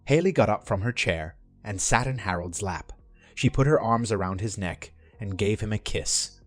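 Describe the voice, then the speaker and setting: A man narrating a written story in an even, steady reading voice. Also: lowish voice, normal speed, dry recording. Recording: dry voice-over with faint music.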